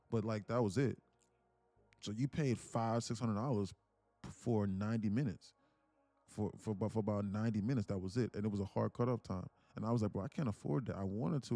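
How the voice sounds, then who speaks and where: A man casually hosts a livestream, telling a long story with restarts and swearing. His voice is mellow and dry. Faint music plays behind him. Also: fairly low pitch, no room sound. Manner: rambling, profane, full of restarts. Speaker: livestream host.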